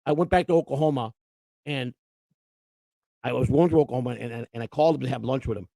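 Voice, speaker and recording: A man's voice: medium pitch, fast talker, creaky, mellow, no echo. An older man hosting, telling rambling, profane anecdotes with quoted voices. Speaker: host. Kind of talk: casual storytelling.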